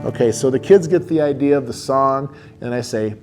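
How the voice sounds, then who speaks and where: A male educator explaining in a casual, friendly way how he teaches children a song, pausing with an occasional um or uh. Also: mid-range voice, faint music behind. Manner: friendly, relaxed, with fillers like um and uh.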